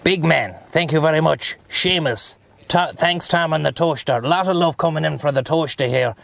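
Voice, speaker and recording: Gravelly-voiced Irish man streaming from a car. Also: a little high, moderate pace, fairly bright tone, no echo. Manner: rambling, profane banter. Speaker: livestreamer. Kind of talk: casual chat while driving.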